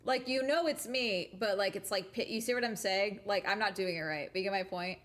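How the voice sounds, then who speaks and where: A woman streamer chatting casually to viewers while reacting to a video, full of quick asides. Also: medium pitch. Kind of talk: casual chat.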